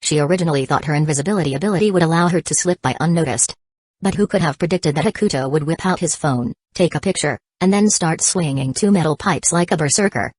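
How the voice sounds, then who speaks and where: Low-voiced woman narrating an audiobook. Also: fast, a little mellow, husky, no room sound.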